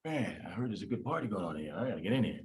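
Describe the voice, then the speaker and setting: A man voicing a streetwise young male pyruvate molecule who begs to be let into a party, talking in a low, slangy, pleading way. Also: sing-song, very fast.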